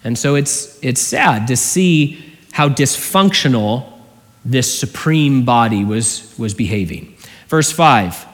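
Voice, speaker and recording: A man preaching an expository sermon as a pastor, earnest and full of rhetorical questions, his voice often dropping low at the ends of phrases. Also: expressive, slow. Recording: long hall reverb.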